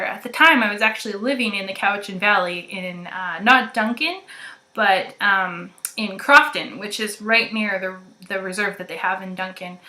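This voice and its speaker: A woman's voice: mid-range voice, sharp tone, reverberant. A young adult woman hosting a knitting podcast, chatting casually to viewers in a rambling way with many ums and frequent giggles.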